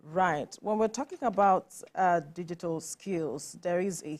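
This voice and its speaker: A woman's voice: on the low side, unhurried. A woman with a Nigerian accent hosting a morning TV studio interview, asking probing questions. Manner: probing, animated when pressing a point. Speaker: TV morning show host.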